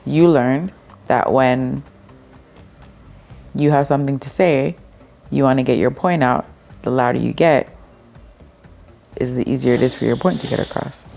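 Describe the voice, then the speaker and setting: A woman with a gravelly, creaky voice and a dark, mellow tone asks pointed questions on a podcast. She keeps the conversation moving with steady affirmations as she probes. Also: rumbling low, normal speed, long pauses, slight background noise. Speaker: podcast guest.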